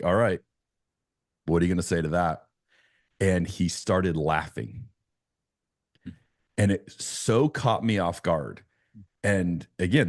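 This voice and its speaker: A man's voice: sits low, no echo, clean studio sound. A man, a pastor, telling a personal story as a podcast guest, earnest and full of restarts. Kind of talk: conversational podcast interview.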